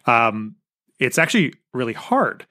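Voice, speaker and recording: Bright-voiced American host. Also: male voice, medium pitch, big pitch swings, a little slow, no room sound, clean studio sound. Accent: American English. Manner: explanatory, side remarks to listeners. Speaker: podcast host. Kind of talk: casual interview chat.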